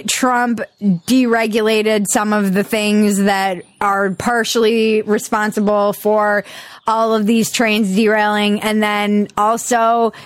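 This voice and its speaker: A woman hosting a podcast, talking in an animated, sarcastic, ranting way. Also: medium pitch, dry recording. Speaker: podcast host. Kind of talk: casual chat.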